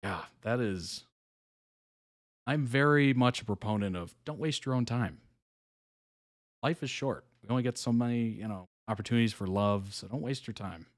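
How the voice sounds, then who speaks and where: This live reaction stream host has a mid-range voice and speaks at normal speed. Loose and talkative, he reads viewers' comments out loud, laughing softly and often between remarks and filling gaps with filler words.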